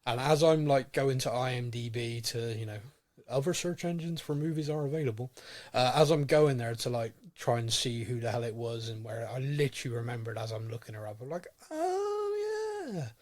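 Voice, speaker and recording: A man's voice: medium pitch, brisk, a little mellow. Chatty man who rambles a bit. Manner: rambling, repeats words when starting sentences. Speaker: podcast co-host. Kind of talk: casual chat.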